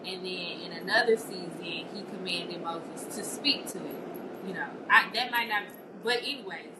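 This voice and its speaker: A woman's voice: lowish voice, moderate pace. Woman, candid chatty sharing, distant from mic, roomy noisy recording. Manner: chatty and candid, says "you know" often. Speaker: participant sharing a reflection. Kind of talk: casual personal sharing. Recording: echoey room, off-mic, noisy.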